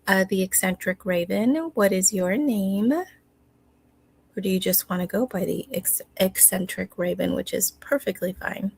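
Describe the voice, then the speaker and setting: A woman hosting a livestream from home, talking casually and replying to viewers in an unhurried way. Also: medium pitch, gravelly, darkish tone, husky. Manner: unhurried, reads viewer comments aloud and replies. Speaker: livestream host.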